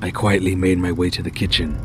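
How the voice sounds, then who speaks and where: Low-voiced guy reading a scary story, calm and measured, hissy noisy recording. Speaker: horror story narrator. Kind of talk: scripted first-person horror narration.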